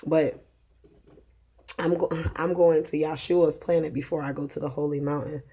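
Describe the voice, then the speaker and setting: A young religious vlogger delivers a casual preaching monologue about faith and her kids' dreams, rambling with lots of fillers and restarts and laughing at her own jokes. Her voice is low-pitched, husky and dark, with a steady tone at a normal speed.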